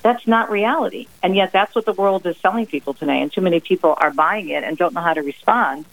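A middle-aged woman from New Jersey, a guest author on a radio interview, telling family stories in a lively, emphatic way. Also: fairly low pitch, fast, low-quality recording. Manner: lively, emphatic, acts out her mother's sayings. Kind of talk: radio interview, personal storytelling.

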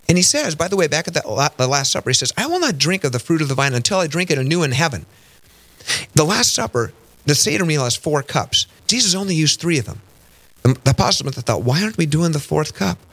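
A man hosting a faith radio talk show, teaching with animated storytelling and frequent rhetorical questions. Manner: animated storytelling, acts out quoted voices with big pitch jumps. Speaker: radio host. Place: radio studio.

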